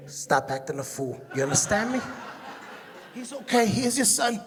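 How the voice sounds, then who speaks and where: Middle-aged male comic, high voice, lively storyteller, big hall reverb. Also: fairly quick. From Puerto Rican heritage. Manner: animated storytelling, acts out his mother with high shrieks. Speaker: stand-up comedian. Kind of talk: stand-up comedy routine. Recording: long reverb of a show hall.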